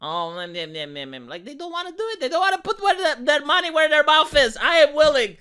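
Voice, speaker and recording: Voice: high-pitched, sing-song, quick pace, pushed and bright. A YouTuber giving an emphatic, profane and sarcastic rant in a video commentary.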